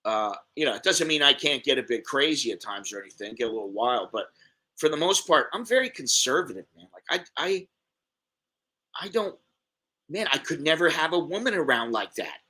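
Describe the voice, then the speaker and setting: A man's voice: medium pitch, sing-song, moderate pace, pushed and bright. A middle-aged American man telling a rambling story in a casual vlog, repeating words and acting out what others said. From United States. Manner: rambling, repeats words, acts out quoted voices. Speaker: expat vlogger.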